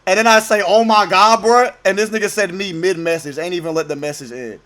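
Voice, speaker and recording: A man's voice: sits high, steady tone, brisk, fairly bright tone. A young man streaming from home, reacting to a video with casual, profane, joking slang and talking over it. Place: home at night, keeping voice down.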